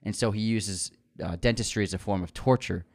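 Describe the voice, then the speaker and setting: A man's voice: lowish voice, brisk, a little mellow. A man co-hosting a podcast, chatting casually about movies with enthusiasm and frequent restarts. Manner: enthusiastic, repeats words when starting sentences. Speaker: podcast co-host.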